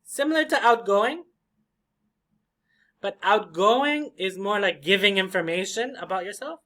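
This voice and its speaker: A man teaching English vocabulary and pronunciation, repeating each word slowly for drilling. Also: high-pitched, animated, bright, forceful tone. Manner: acts out short example conversations.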